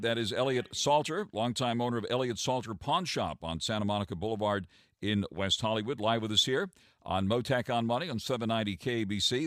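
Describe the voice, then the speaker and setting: A man hosting a radio money show, interviewing a caller and reading market numbers, often repeating words and pausing with uh. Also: fairly low pitch, a bit bright, dry recording, clean studio sound. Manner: halting, repeats words with frequent uh. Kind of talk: radio business talk and market report. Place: radio studio.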